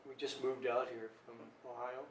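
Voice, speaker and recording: A man interviews a guest in a loose, joking way, speaking at a middle pitch. He sits away from the microphone, and the room around him rings with echo. A faint hiss runs underneath. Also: normal speed. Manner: relaxed, joking, conversational. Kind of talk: casual interview chat. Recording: roomy room, distant mic.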